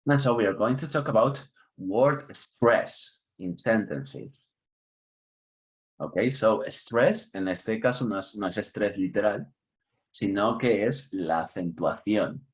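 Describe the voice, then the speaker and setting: A man teaches English online through a computer mic on a video call, his fairly low voice animated, a little slow, and edged with breathiness. He chats cheerfully, laughs frequently, and leans on important words.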